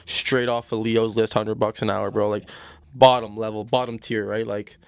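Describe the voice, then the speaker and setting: A man's voice: fairly low pitch, flat delivery, normal speed, creaky, clean tone, dry recording. A man, a podcast guest telling stories in crude, slangy casual chat, tossing in "bro" constantly.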